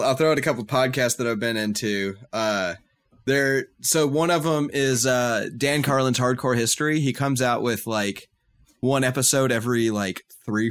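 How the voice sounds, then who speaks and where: A man chatting on a podcast with a middle-pitched voice. He gushes about things he likes, filling gaps with "uh" and "like" as he goes. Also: fairly bright tone, clear, resonant tone. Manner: enthusiastic, filler-heavy recommender. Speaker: podcast co-host. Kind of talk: casual chat.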